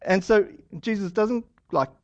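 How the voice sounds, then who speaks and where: A man's voice: sits high, measured pace, lo-fi sound. A man preaching a sermon in a casual, conversational storytelling manner, acting out the lines he quotes.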